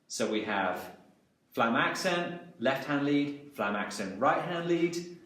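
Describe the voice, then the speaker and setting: A man's voice: mid-range voice, a little slow, over loud music. A man teaching a drum lesson, calling out strokes and hands as he goes. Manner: talks through drum patterns, counting hands aloud. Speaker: drum instructor. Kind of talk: instructional lesson. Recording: echoey room, mic far off.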